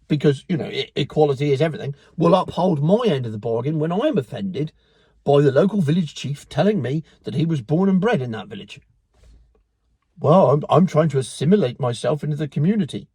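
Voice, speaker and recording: High-voiced ranting Cornish man. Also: a little mellow, slightly rough, no room sound. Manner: ranting, profane, sarcastic. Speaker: vlogger. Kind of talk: angry opinion rant to camera.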